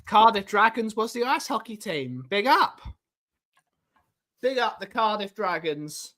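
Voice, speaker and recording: A man's voice: high-pitched, big pitch swings, unhurried, pushed and bright. A man from Wales co-hosting a fan livestream, chatting casually and greeting viewers in the chat.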